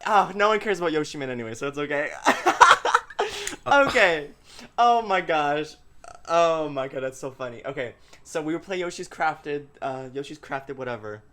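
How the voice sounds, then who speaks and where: A man hosting a casual podcast chat, animated and quick to laugh. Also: on the high side. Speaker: podcast host.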